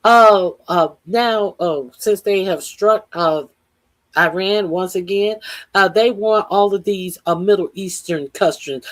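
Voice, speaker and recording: A woman's voice: medium pitch, takes it slowly. A woman hosting political commentary, talking off the cuff with many fillers and blunt, profane remarks.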